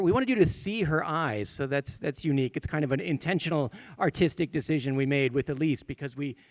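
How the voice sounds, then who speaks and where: A man's voice: medium pitch, no echo. A man game designer explaining a character on a convention panel, hedging with sort of and kind of. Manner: explanatory, hedging with filler words.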